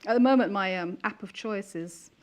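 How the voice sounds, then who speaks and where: A woman's voice: mid-range voice, moderate pace, dull audio, noisy background. A young woman chatting casually while she demonstrates quilting steps. She explains each step in a friendly, plain way.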